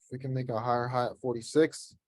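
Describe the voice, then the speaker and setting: A man hosts a casual voice-call chat, coaching in a blunt, laid-back way with plenty of casual swearing. His voice sits at an ordinary pitch. The sound is close and dry, with no room around it. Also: fairly even intonation, quick pace, dry recording. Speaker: host streaming live trades.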